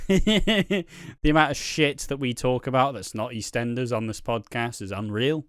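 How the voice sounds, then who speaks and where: A man's voice: mid-range voice, a little fast, clear, resonant tone, dry recording, clean studio sound. A young man hosting a podcast in casual, sweary, laid-back chat. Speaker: podcast host.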